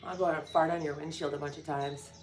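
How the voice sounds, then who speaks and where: Chatty woman with a low voice. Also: fairly even intonation, fast, darkish tone, soft background music. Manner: chatty, joking asides, talks to her dogs. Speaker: vlogger. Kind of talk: casual morning chat. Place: indoors by a window, birds outside. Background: birdsong.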